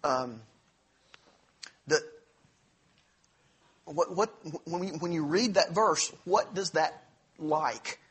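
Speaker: man. Role: Bible class teacher. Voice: forceful, husky, fairly high. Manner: earnest, conversational. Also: animated, slow, long pauses. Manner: earnest, conversational, with frequent restarts and asides.

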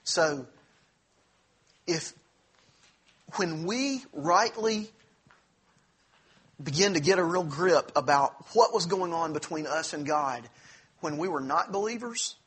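A man's voice: on the high side, lively intonation, takes it slowly, pauses often, a bit bright, husky. A man teaching a church Bible class in an earnest, conversational way, with asides and restarts.

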